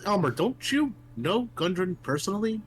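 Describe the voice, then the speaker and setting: A man playing his character in a tabletop game, calm and explanatory. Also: sits high, normal speed, slight background noise, rough recording. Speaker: player. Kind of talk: in-character tabletop role-play.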